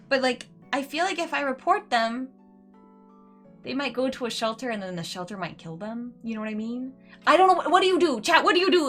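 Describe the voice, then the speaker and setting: Chatty woman streamer with a lively voice. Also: a little high. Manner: chatty, rambling, uses "like" a lot. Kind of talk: casual gameplay commentary.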